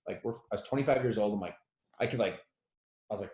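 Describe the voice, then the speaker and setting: A man in his thirties telling a personal story as a motivational speaker, animated and self-deprecating, who acts out the quotes loudly. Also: mid-range voice, fast talker, reverberant, poor audio. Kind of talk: storytelling talk.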